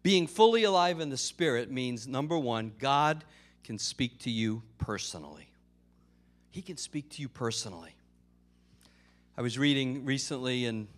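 A man preaching a sermon as pastor, in a conversational way with casual fillers and joke-telling. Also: mid-range voice.

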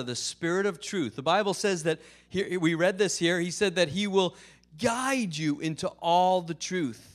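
A man preaches a conversational sermon, peppering it with casual fillers and jokes. His slightly high voice rises and falls with lively, animated swings. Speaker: pastor.

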